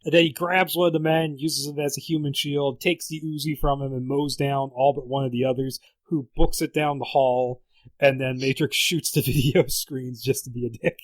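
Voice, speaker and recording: A man's voice: medium pitch, fairly even intonation, moderate pace, dry recording, poor audio. A man co-hosting a podcast, casually retelling a script in a chatty way and laughing often. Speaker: podcast co-host.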